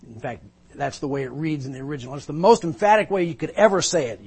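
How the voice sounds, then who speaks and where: A man's voice: a little high, lively intonation, fast talker, darkish tone, slightly rough. A male pastor preaching a sermon, retelling a Bible story vividly and with emphasis, pulling listeners into the scene.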